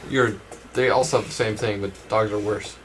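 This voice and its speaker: A man's voice: lowish voice, fairly even intonation, normal speed, slight background noise. A man playing a tabletop game with friends, musing and thinking aloud. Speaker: player. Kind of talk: casual tabletop game chat.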